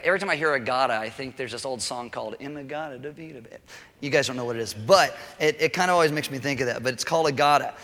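A man preaching a relaxed, conversational sermon, full of joking asides and quick check-ins with the listeners. His voice is fairly high for a man and has a forceful, bright edge. It rings out with the long reverb of a large hall. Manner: chatty, joking asides, keeps checking in with okay. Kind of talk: casual sermon.

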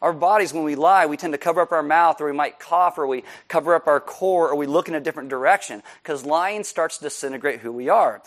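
A man, preaching a sermon in a casual, jokey way that drops soft for emphasis. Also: fairly high pitch, fast talker, hardly any pauses. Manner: conversational, jokey, dips quiet for emphasis. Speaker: pastor.

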